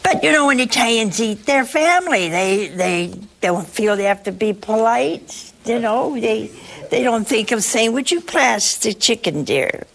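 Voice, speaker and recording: A woman's voice: on the high side, creaky, a bit bright. A woman giving a folksy, sermon-like talk to listeners, leaning hard on key words. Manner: folksy, emphatic, slow stresses on key words.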